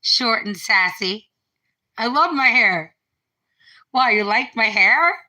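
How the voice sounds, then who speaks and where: A fairly high, bright, forceful voice with lively intonation comes from a middle-aged livestreamer chatting casually at home. She speaks slowly, rambles, reads viewer comments as she goes, and restarts often, recorded roughly on a phone.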